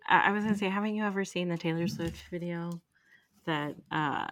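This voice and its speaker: A woman in her thirties, co-hosting a podcast, chatting in a relaxed, casual way. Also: lowish voice, fairly quick, a little hiss or hum. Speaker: podcast co-host. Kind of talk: casual chat.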